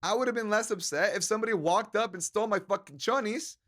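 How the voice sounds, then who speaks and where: Tipsy male streamer, high-pitched, goofy and profane, reading chat and greeting viewers. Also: fast talker, fairly bright tone. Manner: loose, joking, profane, slips into Spanish words. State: a little drunk. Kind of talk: casual drunk stream chat reading chat aloud.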